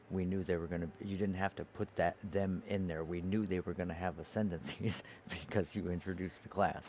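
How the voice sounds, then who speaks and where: A man's voice: sits low, dark tone, slight background noise. A man streaming in casual gaming chat, rambling and profane, restarting his sentences often.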